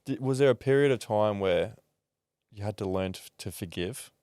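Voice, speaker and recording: Low-voiced man hosting a podcast interview. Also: normal speed, darkish tone, no echo, clean studio sound. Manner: supportive, frequent "yeah" and "mm" backchannels. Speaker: podcast host.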